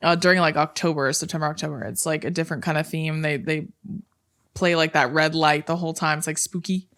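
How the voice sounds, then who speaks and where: Animated young woman telling a story. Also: low-pitched, brisk. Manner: animated storyteller who acts out people's yelps and swears freely. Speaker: podcast co-host. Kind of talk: casual storytelling chat.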